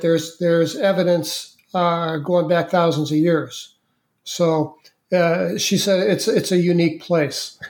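An interview guest telling a story in a casual, halting way, with many fillers and repeated words. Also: mid-range voice. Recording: echoey room.

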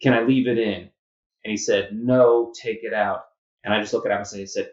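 A man's voice: on the low side, flat delivery, brisk, darkish tone. A man who trained as a doctor, telling a work story with wry laughs in casual chat. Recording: echoey, dull room sound.

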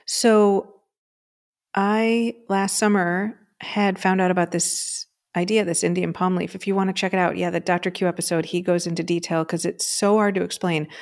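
A woman co-hosting a spiritual podcast speaks in a slightly low voice. She tells a long personal story in an easy, conversational way, scattering "um" and "right?" as she goes. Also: flat delivery, moderate pace. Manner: storytelling, frequently asks "right?" and says "um". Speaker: podcast co-host.

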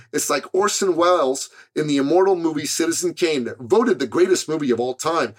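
A man's voice: on the high side, breathy edge. A man hosting a podcast, delivering an earnest, emphatic, scripted motivational monologue. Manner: earnest and emphatic, with a preacher-like build. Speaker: podcast host.

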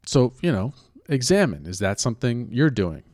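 A man's voice: medium pitch, sing-song, moderate pace, darkish tone, no echo, studio quality. A man ranting in a casual way, blunt and profane, stopping now and then to question himself. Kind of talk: casual rant.

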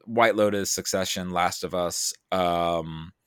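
A man with a low voice hosts a podcast in casual chat. He rambles and pokes fun at himself, acting out his friends' lines. The sound is dry and close, with almost no room echo. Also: fairly even intonation, slow pace, clear, resonant tone. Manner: rambling, self-deprecating, acts out quoted friends. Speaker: podcast host.

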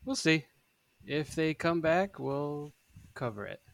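A man's voice: a little high, animated, slow pace, vocal fry, a bit bright, dry recording. A man co-hosting a casual podcast, reading listener questions in a loose, joking manner with casual swearing.

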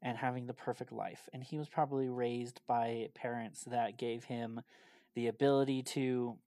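A man co-hosts a casual podcast, his voice sitting in a middle register. He rambles through animated retellings and peppers them with "like". The sound is dry, with almost no room echo. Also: mid-range voice, moderate pace. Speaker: podcast co-host.

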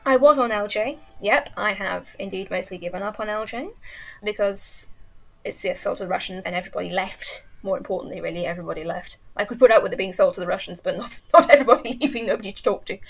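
A woman's voice: medium pitch, quick pace, creaky, a bit bright, faint music behind. Chatty English woman, enthusiastic. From England. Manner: chatty, enthusiastic, restarts often. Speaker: interview guest, teacher. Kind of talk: casual chat.

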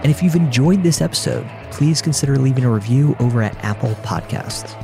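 Gravelly-voiced male podcast host. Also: mid-range voice, brisk, music in the background. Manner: relaxed, says "you know" often. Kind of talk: casual podcast chat.

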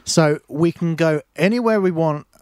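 A man's voice: on the high side, moderate pace, a little mellow, clear, resonant tone, no echo, studio quality. A man presenting a radio show, chatting casually and teasing his co-host. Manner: teasing, jokey banter. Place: radio studio.

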